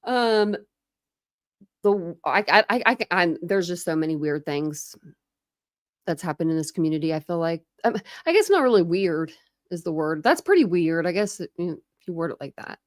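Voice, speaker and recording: A woman's voice: lowish voice, lively intonation, moderate pace, dry recording, clean studio sound. A woman from Ohio hosting a casual true crime live stream, rambling, laughing often and answering chat comments. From Ohio, USA.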